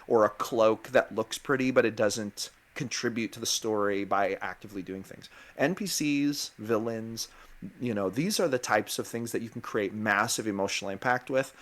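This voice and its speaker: A man's voice: medium pitch, a bit bright. A man with a mid-range voice answers interview questions about running games. He talks in a thoughtful, loose way, often circling back and restarting his sentences. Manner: thoughtful, rambling, with many fillers and restarts. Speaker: guest game master.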